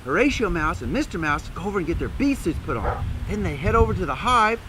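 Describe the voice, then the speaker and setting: A man with a very high, lively voice tells a children's story and talks straight to the listening kids. Steady traffic noise comes from outdoors behind him. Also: quick pace. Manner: animated, addresses kids directly.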